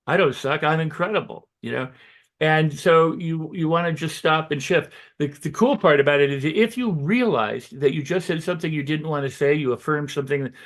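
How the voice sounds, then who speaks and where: A man giving motivational self-help advice as a guest, talking loosely and acting out excited self-talk in quick quoted asides. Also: medium pitch. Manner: loose and conversational, with restarts and "you know". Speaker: guest on a holistic health show.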